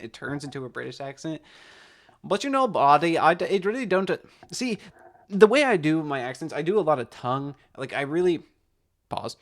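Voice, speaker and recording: A young man chatting in a casual vlog monologue. He rambles, hesitates, and leans on fillers as he thinks out loud. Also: a little high. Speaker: amateur impressionist.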